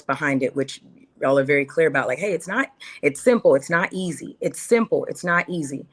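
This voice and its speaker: A woman's voice: sits low, a bit bright. A woman guest talking candidly in an interview, earnest and heartfelt, repeating phrases for emphasis. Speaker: podcast guest.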